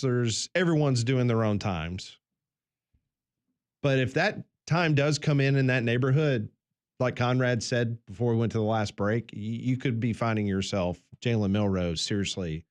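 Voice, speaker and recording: A man co-hosting a morning sports talk radio show, laying out the news with asides. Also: medium pitch. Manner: chatty, explains the news with asides.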